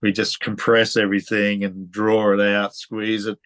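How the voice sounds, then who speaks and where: An Australian man interviewing a guest in a relaxed way, telling stories and laughing often. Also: lowish voice, measured pace, no echo. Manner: chatty, storytelling, laughs often. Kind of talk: casual conversational interview.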